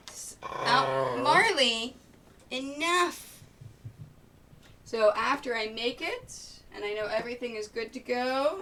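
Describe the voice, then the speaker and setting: Woman streamer, chatty, greets viewers while she sews; bright, fairly high voice, distant mic. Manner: chatty, thinks aloud, greets viewers by name. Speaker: live-stream quilter and pattern designer. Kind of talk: casual live-stream chat while sewing. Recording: distant mic with faint noise.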